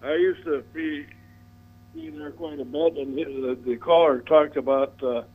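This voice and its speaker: A man's voice: on the high side, steady tone, a little slow. A man calling in to a radio show, brief and matter-of-fact. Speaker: caller. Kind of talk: casual phone-in chat. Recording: tinny phone line.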